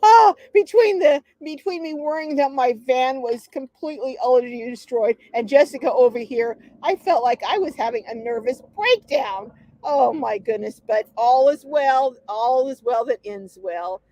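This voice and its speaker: A middle-aged woman hosting a livestream, telling a story in a lively, chatty way, acting out quotes and reading viewer comments. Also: sits high, normal speed, no echo. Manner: animated storyteller, acts out quotes, laughs often. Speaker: host of a livestream.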